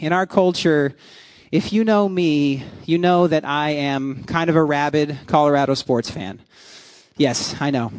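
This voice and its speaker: A man's voice: fairly high pitch, darkish tone, no room sound. A man in his thirties, a pastor preaching a sermon in a chatty, joking way with many restarts and fillers. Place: church.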